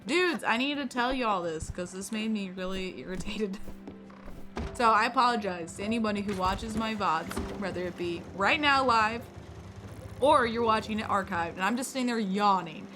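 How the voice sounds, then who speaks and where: A woman's voice: mid-range voice, normal speed, bright, forceful tone. A woman streaming a game live, chatting with viewers in a playful, rambling, self-deprecating way. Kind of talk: casual live gameplay commentary. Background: game music.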